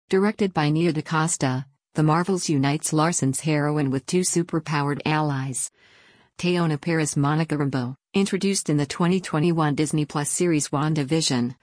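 A woman reading an opinion column aloud in an even, flat manner, with dry sarcastic asides. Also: sits low, dry recording. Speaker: article reader.

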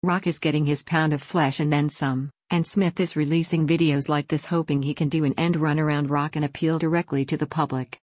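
Low-voiced woman reading a column. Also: darkish tone, no room sound. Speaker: article reader. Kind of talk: read-aloud opinion column.

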